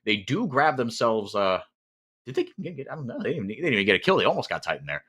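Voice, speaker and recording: A man doing live play-by-play commentary on an esports match, calling the action quickly and often repeating words as he thinks. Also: mid-range voice, slightly rough. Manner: rapid, animated calling with frequent repeated words.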